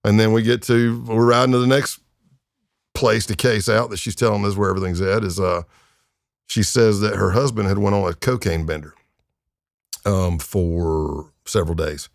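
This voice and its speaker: Gravelly low-voiced man telling stories. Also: fairly even intonation, normal speed, no room sound, studio quality. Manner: laid-back, wry, laughs while telling stories. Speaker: guest, retired undercover agent. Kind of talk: anecdotal storytelling in a podcast interview.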